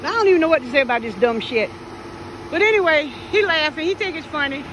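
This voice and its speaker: High-voiced teasing woman filming roadside. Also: animated, brisk, fairly bright tone, a faint crowd, rough recording. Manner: blunt, teasing, profane. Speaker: vlogger filming a roadside scene. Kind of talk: casual running commentary. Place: outdoors by a road in traffic. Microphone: phone camera. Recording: phone audio with road noise. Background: passing traffic.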